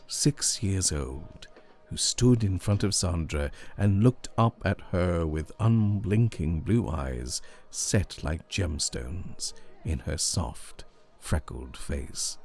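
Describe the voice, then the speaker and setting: A male narrator reads a scripted scary story slowly and deliberately. His very deep voice is gravelly and husky, and his pitch moves freely up and down. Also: lively intonation, darkish tone.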